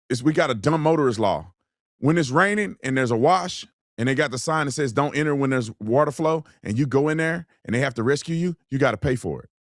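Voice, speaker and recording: A man's voice: on the high side, no room sound, clean studio sound. A man giving blunt, mocking, heated commentary on video clips, with slangy, colloquial speech. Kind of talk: opinionated commentary.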